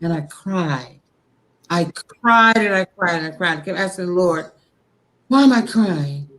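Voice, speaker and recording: This woman's voice is lowish yet bright, with a forceful tone. Talking about faith on a talk show, she is heartfelt, impassioned and preachy, frank with her profanity, and she speaks at a slow, deliberate pace.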